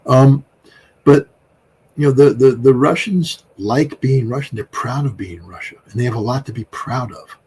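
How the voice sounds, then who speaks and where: A man's voice: mid-range voice, normal speed, darkish tone, husky, rough recording. An American man in his sixties, speaking as an interview guest in a rambling, emphatic way with frequent fillers. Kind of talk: casual interview talk.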